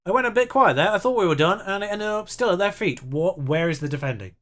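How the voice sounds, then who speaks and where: High-pitched, animated and fast, this young YouTube gamer has a slightly bright voice. He narrates his own match in chatty, self-mocking let's-play style, muttering as it plays out.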